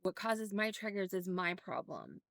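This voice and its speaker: A woman's voice: on the low side, very animated, a little slow, creaky, a bit bright, dry recording. A middle-aged woman from Oregon, candidly telling a personal story in a rambling vlog with many restarts. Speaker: vlogger.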